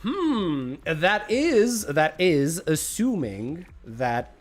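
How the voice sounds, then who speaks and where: A man's voice: on the high side, big pitch swings, extremely slow, soft background music. A man streaming a game, chatting casually, greeting viewers by name and snacking as he talks. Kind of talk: casual livestream chat.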